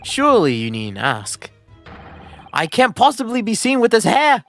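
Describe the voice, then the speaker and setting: A man doing a pompous, vain gentleman detective. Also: wildly swooping pitch, unhurried, soft background music, exaggerated voice. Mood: lofty. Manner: lofty, theatrical, raised pitch. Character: pompous eccentric male detective, vain about his hair.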